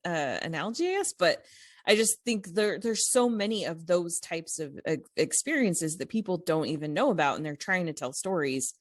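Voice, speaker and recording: A woman co-hosting a podcast, telling a story in a casual, animated way, with many fillers and restarts. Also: lowish voice, moderate pace, no room sound, studio quality. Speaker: podcast co-host.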